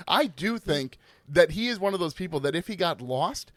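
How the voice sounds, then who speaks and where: A man's voice: sits high, expressive, moderate pace, a bit bright, dry recording. A man hosting a casual sports podcast, teasing his co-host in a playfully dramatic way. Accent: Minnesotan.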